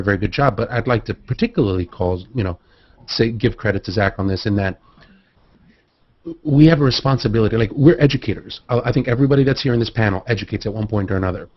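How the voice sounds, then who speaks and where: A man on a photography panel, talking in an animated, rambling way with many restarts, over a video call. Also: medium pitch, breathy edge, lo-fi sound. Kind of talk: casual panel discussion.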